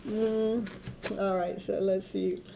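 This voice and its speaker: A woman's voice: medium pitch, level tone, slow, creaky, noisy background. A woman giving a casual tarot reading, chatting, laughing often and coaxing her dog. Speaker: tarot reader.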